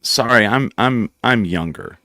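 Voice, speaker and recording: Deep-voiced man telling animated stories. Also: measured pace, no echo, studio quality. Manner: animated storyteller, acts out quotes, swears. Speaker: podcast host. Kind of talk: casual storytelling chat.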